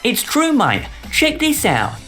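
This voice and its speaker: A man's voice: very high voice, wildly swooping pitch, slow, pushed and bright, faint music behind, voice pushed up, heavily acted. A man voicing a scheming, slangy British businessman in a put-on cockney accent. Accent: put-on London cockney. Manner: slangy, conspiratorial, pushy.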